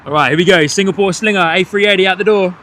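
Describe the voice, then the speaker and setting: A man hosting a live plane-spotting stream from a hotel above the runway, excitedly calling out departures and greeting viewers. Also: high-pitched, fast. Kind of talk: live commentary. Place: hotel third floor overlooking an airport runway.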